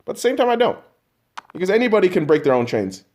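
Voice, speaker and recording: A man hosting a podcast, ranting angrily and profanely, mocking imagined listeners and swinging from loud outbursts to low mutters. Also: sing-song, fast talker. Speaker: podcast host.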